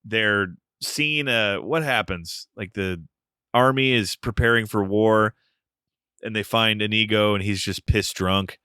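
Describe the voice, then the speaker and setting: A man's voice: lowish voice, measured pace, sharp tone, clean tone, no echo, clean studio sound. A man co-hosting a podcast, recapping a film plot in a wry, joking way. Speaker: podcast co-host. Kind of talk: casual film discussion.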